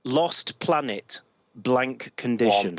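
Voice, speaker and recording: A man with a Northern English accent runs a relaxed podcast quiz. He speaks at an unhurried, measured pace with a middle-pitched voice. He reads each clue out carefully and chuckles along the way. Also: no echo, highs cut off. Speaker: podcast quizmaster.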